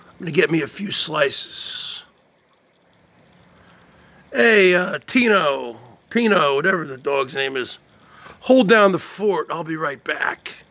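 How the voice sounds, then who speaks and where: A man's voice: fairly high pitch, creaky, heavily acted. A man doing a bragging Jersey pizza lover. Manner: loud smacking yummy sounds, bragging. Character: boastful Jersey man savoring pizza slices.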